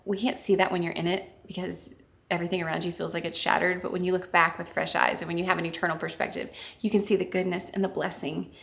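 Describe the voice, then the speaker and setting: A woman's voice: on the low side, level tone, fast talker, creaky. A woman author co-hosting a casual chat, speaking in a heartfelt, reflective way. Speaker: author and co-host.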